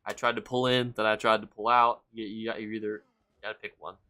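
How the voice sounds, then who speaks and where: A man streaming a game live, chatting with viewers and reacting loudly and with swearing to the action. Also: on the low side, flat delivery, fast. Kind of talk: live gameplay commentary.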